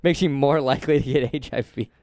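A man's voice: medium pitch, fast talker, dark tone, no echo, studio quality. A man co-hosting a podcast in casual profane chat, laughing often and riffing on numbers and jokes. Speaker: podcast co-host.

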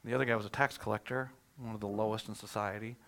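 A man, a pastor, preaching a sermon in a conversational, animated way, telling stories and asking rhetorical questions. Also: lowish voice, fast.

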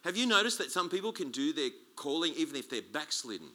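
A man preaching a sermon as a guest speaker, chatty and animated, joking and restarting his sentences. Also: a little high, quick pace. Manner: animated, conversational, jokey preaching with many restarts.

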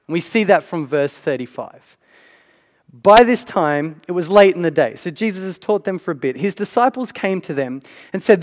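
A high-pitched man preaches to his congregation. He talks like he's chatting with them and keeps asking "right?" His voice rings out with a long reverb in a big hall. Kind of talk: sermon.

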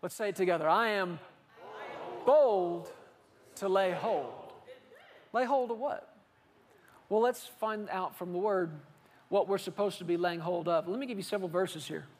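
A male preacher delivering a lively sermon, asking rhetorical questions and acting out quotes. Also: high-pitched, a little fast. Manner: animated, rhetorical, with acted quotes.

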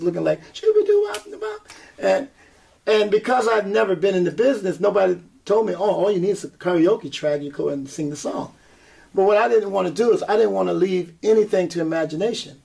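Acting out what people said and laughing often, a singer and performer shares his story in an interview. His voice sits high and has vocal fry.

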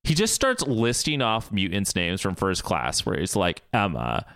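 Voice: sits low, moderate pace, no echo, clean studio sound. A podcast co-host recapping a film scene by scene in casual chat, acting out the characters' lines along the way. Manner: animated retelling with acted-out quotes.

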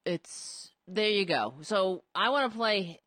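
A woman's voice: medium pitch, expressive, slow, fairly bright tone, no room sound. A woman giving casual political commentary, indignant and sarcastic, rambling with frequent restarts. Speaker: commentary host.

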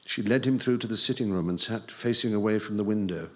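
A man's voice: fairly low pitch, fast talker. Man reading a novel aloud. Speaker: audiobook narrator. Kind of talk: scripted narration.

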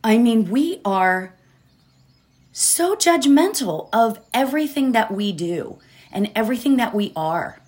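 A woman's voice: on the high side, very animated, a little slow, darkish tone. A woman hosting a positivity podcast, talking casually and rambling a bit, often checking in with "right?" and laughing. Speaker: podcast host. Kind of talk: casual motivational podcast talk.

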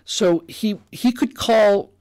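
A man's voice: high voice, slow pace. A man hosting a show, telling a story in a rambling, enthusiastic way, with many restarts and repeated words. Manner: enthusiastic, animated. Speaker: host. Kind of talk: casual storytelling monologue.

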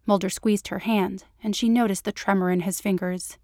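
A woman narrates a story in a smooth, even manner. Her pitch sits in the middle and the recording is close and dry. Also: normal speed, dry recording. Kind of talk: audiobook narration.

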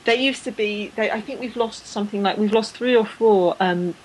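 A woman's voice: medium pitch, moderate pace, a little hiss or hum, low-quality recording. A woman hosting a podcast in casual chat, rambling with fillers and restarts, enthusiastic about her subject. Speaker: podcast host.

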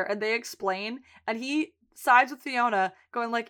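With few pauses and a normal pace, this podcast co-host chats through a TV episode recap, voicing the characters' lines and cursing freely. Her voice is on the high side with a fairly bright tone.

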